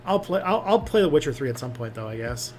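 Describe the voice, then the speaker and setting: A man's voice: mid-range voice, sing-song, fast, darkish tone, faint music behind. A young man hosting a casual livestream, reading viewer comments and rambling with many fillers and restarts. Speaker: livestream host.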